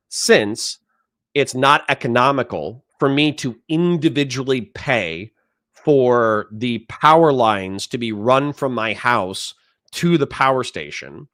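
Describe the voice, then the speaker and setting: A man's voice: medium pitch, a bit bright, no room sound, clean studio sound. A man hosting a livestream, commenting on a debate clip, reading chat and ranting with heavy swearing. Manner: profane, ranting, talks over clips. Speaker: livestream host.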